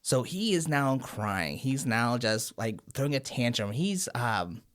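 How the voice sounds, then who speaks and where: A woman co-host with a low voice talks in loose, casual podcast chat. Her pitch leaps wide as she retells scenes with big energy. She swears freely along the way. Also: a little slow. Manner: animated recapping, swearing freely.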